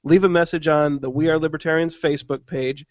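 A man's voice: a little high, steady tone, a little fast, no room sound. A man hosting a casual podcast, earnest and often stumbling over his words and restarting. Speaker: podcast host.

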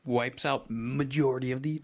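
A man's voice: medium pitch, steady tone, normal speed. A man in a casual movie chat who makes joking, sarcastic quips.

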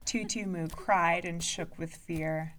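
A woman narrating a storybook aloud in an expressive, measured way. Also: fairly low pitch, far from the mic, a little hiss or hum.

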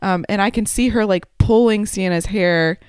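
Matter-of-fact woman, smooth voice. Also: medium pitch, moderate pace, darkish tone, no room sound, clean studio sound. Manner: matter-of-fact, correcting her partner. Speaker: new mother recalling her labour. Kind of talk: casual storytelling with partner.

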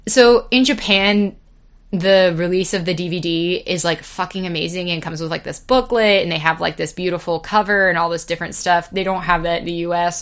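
A young woman in her twenties talks on her own podcast in a loose, rambling way, swearing freely and laughing at herself. Her voice sits a little low for a woman. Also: fairly even intonation, moderate pace, a bit bright. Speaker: podcast host. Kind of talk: casual solo podcast chat.

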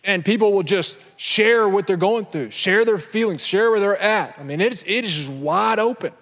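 A young man preaching an energetic sermon to a church crowd, sometimes breaking into shouts. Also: high-pitched, moderate pace. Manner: energetic, building to shouts, with acted asides. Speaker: pastor. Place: large church hall. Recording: echoey church hall with long reverb.

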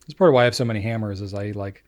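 A man's voice: fairly low pitch, racing, darkish tone. A man in his late thirties co-hosting a podcast, chatting in an easygoing, rambling way. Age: late 30s. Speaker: podcast co-host. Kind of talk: casual chat.

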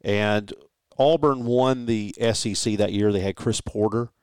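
A man's voice: lowish voice, a little slow, a little mellow, smooth, no room sound. A man co-hosting a casual sports talk show, telling stories and correcting himself, with a habit of laughing. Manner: storytelling, self-correcting, laughs easily.

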